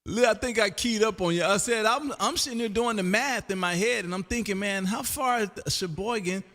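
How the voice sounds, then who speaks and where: A man hosting a casual ham radio chat, loud and folksy, calling everyone man. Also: high voice, fairly quick, long reverb tail. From Texas.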